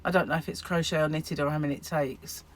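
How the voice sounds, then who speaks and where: Chatty British woman, lowish voice. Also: fairly even intonation, quick pace. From United Kingdom. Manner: chatty and rambling, self-deprecating, laughs often. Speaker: crochet vlogger. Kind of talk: casual chat to camera.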